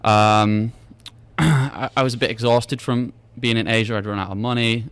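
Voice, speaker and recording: A man's voice: medium pitch, fairly even intonation, normal speed, fairly bright tone, smooth, no echo. Rambling British man telling travel stories. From Britain. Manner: rambling storyteller who acts out dialogue with repeated restarts. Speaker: podcast guest. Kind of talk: casual chat.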